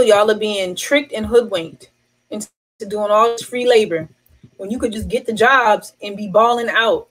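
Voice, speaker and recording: Young woman vlogger, fairly high voice, emphatic and repetitive to-camera commentary. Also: rough recording. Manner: animated, emphatic, repeats points to drive them home.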